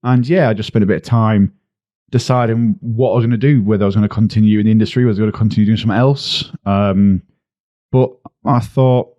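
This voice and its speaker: Relaxed Teesside man chatting. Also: on the low side, dry recording, highs cut off. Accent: Teesside English. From Middlesbrough, England. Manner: relaxed storytelling with frequent ums and restarts. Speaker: podcast guest, security installer. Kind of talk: casual podcast chat.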